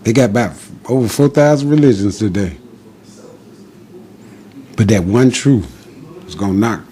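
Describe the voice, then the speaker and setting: A man's voice: fairly low pitch, normal speed, dark tone. A man giving an impassioned, defiant monologue as a podcast guest, preaching in short repeated declarations.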